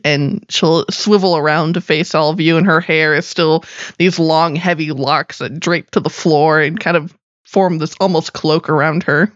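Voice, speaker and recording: A woman game master narrating a tabletop roleplaying game, describing scenes in a casual, descriptive way. Her voice sits a little low, and the recording is slightly dull and dry. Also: fairly even intonation, moderate pace, dry recording.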